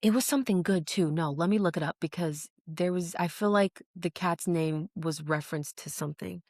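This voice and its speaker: Animated woman retelling a show. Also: on the low side, moderate pace, no echo, clean studio sound. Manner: animated storytelling, acts out quoted lines. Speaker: podcast co-host. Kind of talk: casual chat recapping a show.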